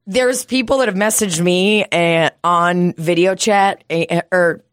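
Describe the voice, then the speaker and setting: A woman's voice: fairly low pitch, takes it slowly, clean tone, no room sound. A woman co-hosting a casual podcast, joking crudely and laughing a lot. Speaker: podcast co-host.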